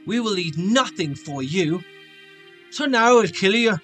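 This is a grim enemy soldier, voiced by a man in an attempted British accent, stiffly reciting threats against the invaded. The voice sits high with a sharp, bright edge, and faint game music plays underneath. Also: expressive, measured pace. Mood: menacing. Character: menacing adult male British enemy soldier.

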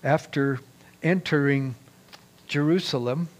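A male pastor delivering a sermon at an unhurried, deliberate pace. His voice sits a little high for a man, and he lifts it when he reads scripture aloud. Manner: deliberate, measured preaching.

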